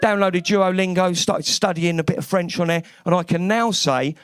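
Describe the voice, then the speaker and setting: Brash high-voiced London comedian. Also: male voice, steady tone, normal speed, few pauses, smooth, no room sound. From East London. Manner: brash, swearing, cheeky. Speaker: stand-up comedian. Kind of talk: stand-up comedy set. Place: comedy club stage.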